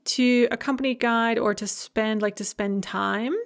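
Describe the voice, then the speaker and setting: In this recorded language lecture, a woman takes her time with grammar, pronouncing example words slowly and mixing in light humor. She speaks in a slightly high voice with a steady tone.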